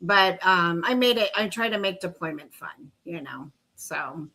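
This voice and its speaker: Co-host, female, bright and leisurely, laughs easily, reads chat aloud. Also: fairly low pitch, expressive, unhurried, rough recording. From North Carolina. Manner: giggly, upbeat, reads chat comments aloud. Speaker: podcast co-host. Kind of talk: casual chat.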